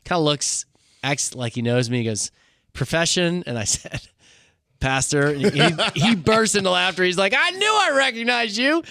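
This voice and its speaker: Man, podcast co-host, lively storyteller who acts out voices; bright tone, dry studio sound. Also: on the high side, normal speed, gravelly, smooth, no room sound. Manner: animated storyteller, acts out quoted voices, laughs often. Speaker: podcast co-host, former pastor. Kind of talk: casual storytelling chat.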